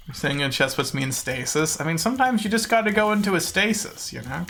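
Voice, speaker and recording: Self-mocking game streamer, animated and bright, casual live chat. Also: medium pitch, fast talker, hardly any pauses, a little hiss or hum.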